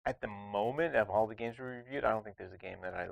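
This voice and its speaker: Gravelly-voiced man chatting about board games. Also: fairly low pitch, fast talker, no echo, dull audio. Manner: chatty, rambling with frequent restarts. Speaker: board game reviewer. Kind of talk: casual chat.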